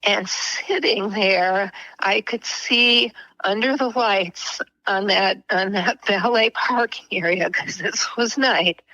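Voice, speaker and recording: A middle-aged woman, a podcast guest, telling an emotional personal story in a slow, earnest way. At tender moments she drops to a whisper. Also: medium pitch, pushed and bright, no room sound, highs cut off.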